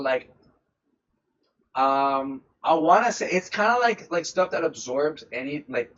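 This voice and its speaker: A young man streamer telling a story in a casual, animated way, full of swearing and repeated words. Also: on the high side, slightly rough, highs cut off. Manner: animated, profane, repeats himself often.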